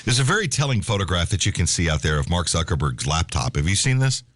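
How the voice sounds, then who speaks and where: A man hosting a radio talk show, speaking into a close studio mic. His voice sits low but swings widely, and he wanders through his stories with a steady stream of ums and uhs. The sound is dry, with no room around it. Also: fast talker, dry recording. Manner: rambling, reads news aloud, many fillers.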